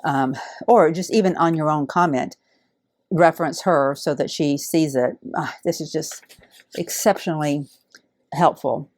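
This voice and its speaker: A middle-aged woman, warmly unboxing donated fabric in heartfelt, awed casual chat. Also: sits low, unhurried, dry recording. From Alabama. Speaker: quilting channel host.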